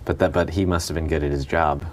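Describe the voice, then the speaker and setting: A man's voice: rumbling low, steady tone, fast talker, a little hiss or hum. A man in his thirties in a casual chat, easygoing and amused, who reads jokes aloud. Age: 30s.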